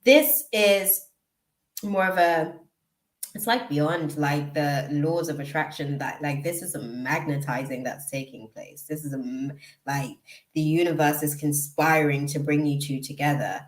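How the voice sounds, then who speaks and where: A woman's voice: low-pitched, measured pace, reverberant. A woman giving a live tarot reading, chatty and emotional, often drifting off to read out names from the chat. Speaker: tarot reader.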